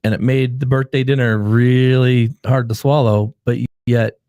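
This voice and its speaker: Earnest middle-aged male therapist, mellow voice. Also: medium pitch, fairly even intonation, unhurried, clear, resonant tone, no echo, muffled recording. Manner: earnest, storytelling, coaching tone. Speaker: therapist and show host. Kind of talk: casual advice chat.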